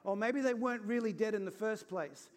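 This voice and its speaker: A man's voice: high-pitched, brisk. A man preaching an Easter sermon in an earnest, conversational way, acting out little scenes as he goes. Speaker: pastor.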